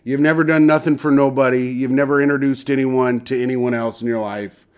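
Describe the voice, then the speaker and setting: A man's voice: medium pitch, fairly even intonation, a little mellow, clean tone. A young man co-hosting a podcast, joking loosely and swearing in casual banter. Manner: jokey, loose, swearing, quick laughs. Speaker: podcast co-host.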